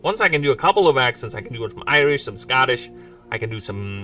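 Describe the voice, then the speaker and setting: Quick and sing-song, this indie developer's mid-range voice sounds bright and forceful. The Filipino man in his forties reads game lore on a livestream, rambling and joking at his own expense, caught by a far-off mic over background music.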